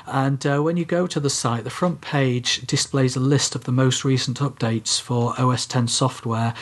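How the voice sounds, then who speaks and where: Husky guy hosting a chatty tech podcast, lots of ums, walks through stuff step by step. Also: mid-range voice. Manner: chatty, many ums and uhs, explains step by step. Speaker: podcast co-host. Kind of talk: casual tech podcast chat.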